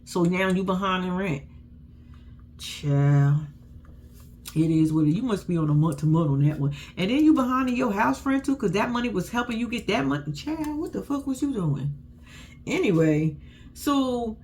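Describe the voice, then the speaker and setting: A woman giving a blunt, sassy, profane recap of a reality show in casual chat, with AAVE features in her speech and big pitch swings when she quotes people. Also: expressive, moderate pace, darkish tone, a little hiss or hum.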